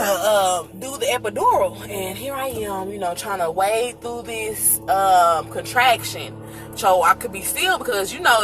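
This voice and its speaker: A woman vlogger telling a personal story in casual chat, animated and laughing, acting out the people she quotes. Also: mid-range voice.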